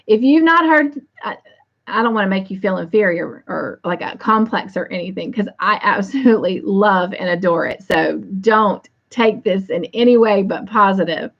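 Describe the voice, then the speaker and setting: A woman's voice: medium pitch, moderate pace, lo-fi sound. A woman hosting a casual livestream, reading viewer comments aloud in an affectionate way. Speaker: livestream host.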